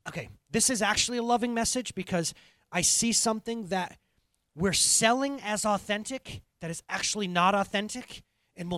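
A man's voice: high voice, fairly bright tone, no echo. A middle-aged man preaching a sermon as pastor, earnest and conversational, building to impassioned.

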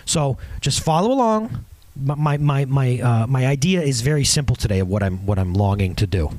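Animated, lively-pitched male pastor. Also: normal speed, no room sound. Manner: animated, off-the-cuff, many restarts and asides. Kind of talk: conversational sermon.

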